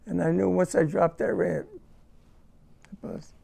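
An older man, a war veteran being interviewed, recalling his experiences in a halting, emotional way and repeating words. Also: high voice, fairly even intonation, vocal fry, mellow, husky. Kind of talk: first-person war recollection.

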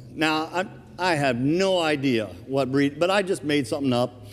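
A man preaching in a church sanctuary with a rather high voice, that carries a long hall reverb behind it. He tells stories with easy humor and talks to the congregation as if chatting with friends, in a sermon that is relaxed and conversational. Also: normal speed, slight background noise. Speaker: preaching minister.

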